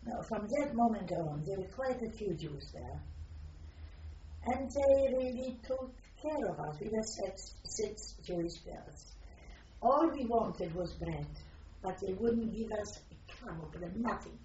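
An older woman from Poland, giving personal testimony in a reflective, halting way as she searches for words. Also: mid-range voice, expressive, warm tone, a little hiss or hum. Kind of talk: personal testimony, recalled aloud. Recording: distant roomy lo-fi recording.

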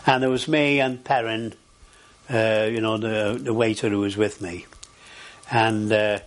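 Older man, oral history interview, rambling storyteller, lots of pauses and fillers, talks of his days at sea. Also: on the low side, fairly even intonation.

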